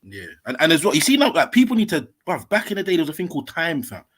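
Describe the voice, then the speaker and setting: A man's voice: on the high side, big pitch swings, fast, fairly bright tone, breathy edge. A man, talking animatedly in slang as co-host of a casual livestream chat.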